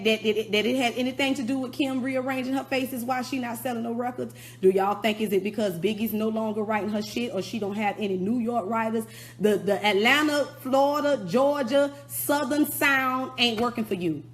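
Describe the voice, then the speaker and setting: A middle-aged woman rapper giving a blunt, profane, scolding rant of a song review. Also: fairly high pitch. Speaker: rapper turned commentator.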